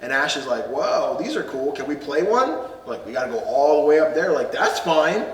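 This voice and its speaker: A man's voice: a little high, very animated, normal speed, reverberant, big-room sound, distant mic. A man hosting a casual podcast, recapping a film with friends, laughing often and acting out lines with some swearing. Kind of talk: casual group chat.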